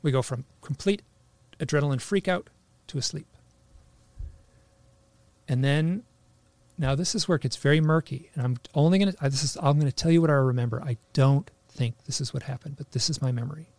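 Gravelly man telling a story. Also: fairly high pitch, no echo. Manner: halting, full of restarts and "like"; animated, acts out quoted lines. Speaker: guest telling a personal story. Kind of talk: casual storytelling.

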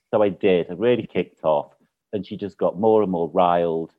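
A British man with a fairly low voice tells a long, chatty anecdote and laughs often. The sound is thin and narrow, as if it came down a phone line. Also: steady tone, normal speed. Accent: British English. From Britain. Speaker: guest. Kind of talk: casual chat, anecdote.

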